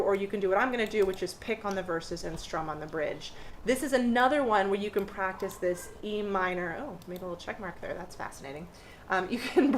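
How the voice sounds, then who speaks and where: A woman teaching a live online ukulele jam, explaining patiently step by step and counting beats out loud. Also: medium pitch, low-quality recording. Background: ukulele playing.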